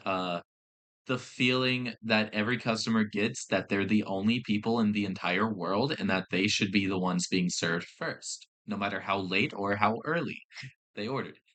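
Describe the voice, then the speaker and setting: A man's voice: fairly low pitch, bright, forceful tone. A young man hosting a podcast, telling stories in a casual, exasperated rant with swearing and restarts. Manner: exasperated ranting with profanity and restarts. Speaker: podcast host. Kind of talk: casual storytelling chat.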